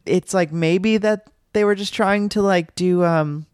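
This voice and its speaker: Guy talking movies on a podcast, kinda high voice, dry close sound, rambles a lot. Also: unhurried, a little mellow, clear, resonant tone, no room sound. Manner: rambling, many fillers and restarts. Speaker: podcast co-host. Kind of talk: casual film discussion.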